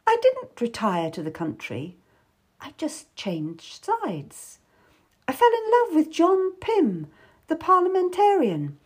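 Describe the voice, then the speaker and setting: A woman's voice: sits high, breathy edge, pitched above the performer's own voice, full character voice. A woman voicing a worldly, tough middle-aged lady courtier who speaks wistfully and with sudden bitterness, for an audiobook. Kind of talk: audiobook character voice.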